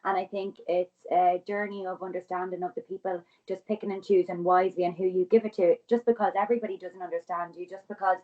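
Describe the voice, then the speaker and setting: A woman in her twenties, a podcast guest, talking quickly and earnestly in casual conversation with many restarts. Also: lowish voice, steady tone, warm tone, dull audio. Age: 20s.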